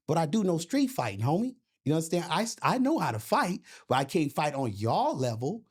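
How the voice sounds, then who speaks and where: A middle-aged man spins a profane, lively story in a casual interview. His voice jumps around in pitch as he gets worked up. He keeps checking in with the listener as he talks. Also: brisk, breathy edge. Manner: profane, animated storyteller with frequent "you know what I'm saying". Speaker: boxing and MMA coach, guest.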